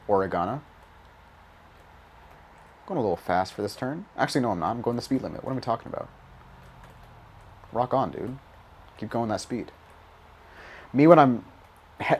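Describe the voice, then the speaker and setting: A young gaming YouTuber rambles casually while playing a driving game, his mid-range voice darkish, with slight background noise. He swears often, mocks himself and laughs at his own jokes.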